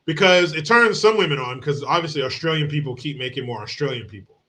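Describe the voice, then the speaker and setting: A man from the United States hosts a podcast with crude, mocking commentary. His voice is very bright and forceful and sits a little high, and he laughs often between points. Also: expressive, fast talker. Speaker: host.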